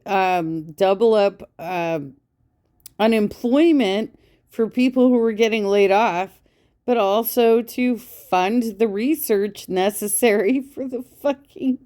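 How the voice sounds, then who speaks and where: A woman's voice: fairly high pitch, mellow. A woman giving profane, mocking commentary, sarcastic and scornful, swearing constantly. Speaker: reaction commentator.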